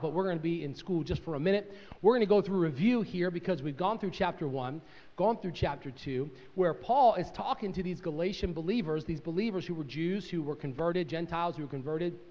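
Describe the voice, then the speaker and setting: Middle-aged male pastor, high voice, energetic sermon delivery; dull recording with long church-hall echo. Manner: energetic, joking, swings from loud to quiet. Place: church sanctuary.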